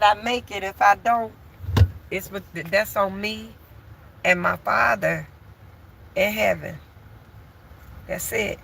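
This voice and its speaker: A woman's voice: medium pitch, gravelly, pushed and bright, a little hiss or hum. A woman vlogger chatting bluntly and candidly to her viewers from home while doing chores. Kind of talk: casual chat to viewers.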